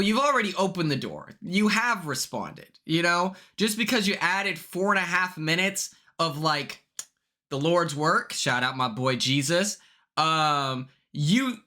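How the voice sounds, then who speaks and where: A young man hosting a livestream, chatting casually in a blunt, sassy way, swearing freely and quick to apologize. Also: on the high side, pushed and bright. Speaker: livestream host.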